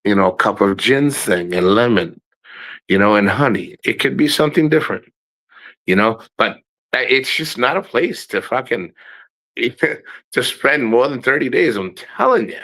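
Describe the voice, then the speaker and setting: A man's voice: mid-range voice, expressive, unhurried, fairly bright tone, poor audio. A middle-aged man rambling casually in a travel vlog, blunt and profane, laughing often. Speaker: travel vlogger.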